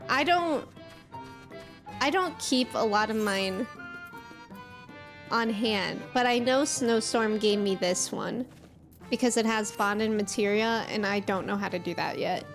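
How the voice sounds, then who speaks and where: A woman's voice: mid-range voice, measured pace, long pauses, soft background music. A young woman streamer chatting casually and playfully with her viewers, giggling often. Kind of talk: casual live-stream chat.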